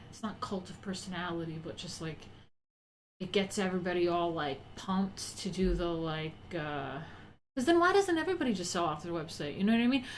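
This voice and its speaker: A woman's voice: medium pitch, a little hiss or hum. A young woman who is out of breath from pregnancy, hosting a casual livestream chat, rambling and reading viewer comments aloud. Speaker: livestream host.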